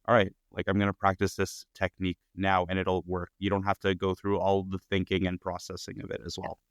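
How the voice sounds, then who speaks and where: Deep, steady-voiced man host. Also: smooth, no room sound, clean studio sound. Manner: affirming, asks measured questions. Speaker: podcast host. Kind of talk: podcast interview.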